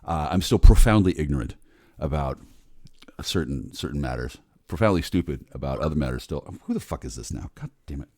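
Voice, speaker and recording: A man in his forties, rambling in a bitter, sardonic, heavily profane monologue, muttering low and then bursting out loud. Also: lively intonation, a little fast, dry recording, clean studio sound. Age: 40s. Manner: bitter, sardonic, swears a lot. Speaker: vlogger.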